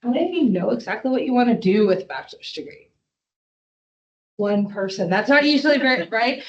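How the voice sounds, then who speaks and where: A woman's voice: fairly high pitch, animated, fairly quick, reverberant. A woman psychology professor addressing a class informally, with hesitations and fillers. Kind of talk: classroom presentation. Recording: dull lo-fi room recording.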